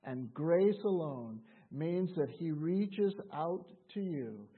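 Guy preaching a sermon, high husky voice, sounds like it's over a phone line. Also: animated. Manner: earnest, slow emphatic delivery with dramatic pauses and quoted voices.

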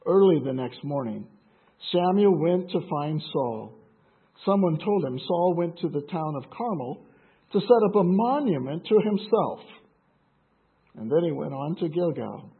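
Husky guy reading the bible and chatting about it, kinda high voice, tinny phone-line sound. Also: sing-song, unhurried. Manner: conversational asides, frequent fillers and restarts. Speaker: Bible teacher. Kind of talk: reading scripture with commentary.

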